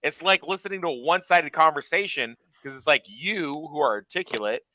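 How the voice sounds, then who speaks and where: A man's voice: fairly high pitch, brisk, pushed and bright, slight background noise. A man in a casual chat with friends, ranting in mock anger with heavy swearing. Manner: profane, mock-angry ranting.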